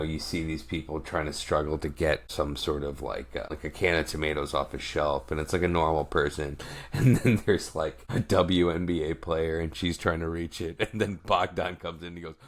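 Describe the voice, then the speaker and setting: A man co-hosting a casual podcast, wandering through jokey tangents. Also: rumbling low. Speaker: podcast co-host. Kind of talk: casual chat.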